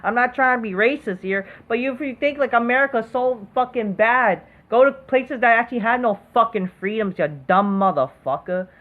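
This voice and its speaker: A woman's voice: on the high side, moderate pace, hardly any pauses, phone-quality sound. A woman hosting an online commentary video, delivering an angry, profane rant full of fillers, restarts and constant swearing.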